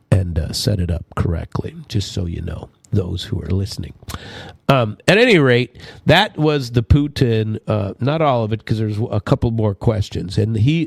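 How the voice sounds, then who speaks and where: A blunt male podcast host talks politics off the cuff in a low voice. He rambles, then slows right down to hammer home key phrases. The sound is close and dry, with no room echo, as if from a small home studio. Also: gravelly, darkish tone, slightly rough. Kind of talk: opinionated political commentary.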